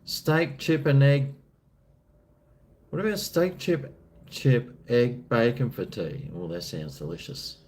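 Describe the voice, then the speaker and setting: Laid-back Australian man, lively pitch. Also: takes it slowly. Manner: laid-back, rambling, jokey. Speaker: live streamer reading chat. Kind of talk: casual live-stream chat.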